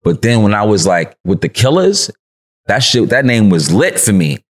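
A man with a New York accent, speaking in a very deep, low register. He tells stories as a podcast guest in loose street slang, laughing easily and slipping into other people's voices as he goes. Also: sing-song, moderate pace. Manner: slangy and laid-back, laughs often, acts out quotes. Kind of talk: casual interview storytelling.

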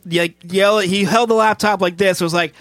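A man's voice: high voice, fairly even intonation, moderate pace, a bit bright, no echo. A man co-hosting a casual podcast, teasing and crude while plugging the show. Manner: crude joking, teasing plugs. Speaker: podcast co-host, band member.

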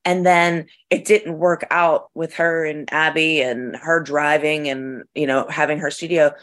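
A woman co-hosting a podcast in casual chat, asking questions and adding quick agreeing asides. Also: sits low, steady tone, a bit bright. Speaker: podcast co-host.

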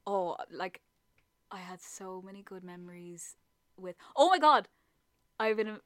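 A woman, co-hosting a podcast and telling stories in casual, animated chat. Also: medium pitch, measured pace, no room sound, studio quality. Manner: chatty, animated storytelling with swearing.

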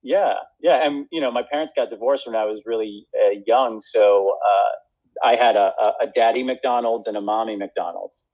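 A man's voice: on the low side, moderate pace, lo-fi sound. A man who is an actor, talking casually in a rambling, self-deprecating way with many fillers and restarts. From United States. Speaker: actor and guest. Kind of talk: casual conversation.

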